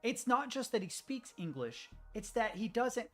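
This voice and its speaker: A man's voice: extremely high pitch, very animated, normal speed, soft background music. A young American man chatting casually to his stream while he plays a game. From United States. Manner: chatty, rambling, talks to chat. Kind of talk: casual gameplay commentary.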